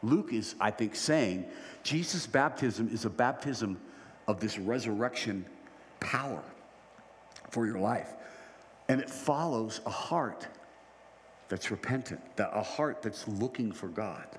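A man's voice: lowish voice, lively intonation, unhurried, pauses often, a little hiss or hum. A man preaching a sermon as pastor, conversational, often checking in with "right?". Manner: conversational, repeats "right?" for emphasis. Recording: reverberant hall, faint ambience.

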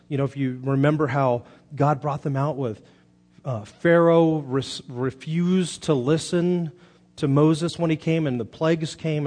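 A man's voice: mid-range voice, a little mellow. A man in his thirties preaching a sermon as pastor, telling stories earnestly with frequent restarts.

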